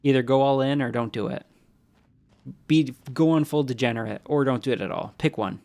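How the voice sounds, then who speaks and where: A man with a gravelly, mid-range, slightly mellow voice talks briskly while live-streaming a game. He wanders between topics, replies to chat and drops in jokes, and allergies leave his nose sounding stuffy.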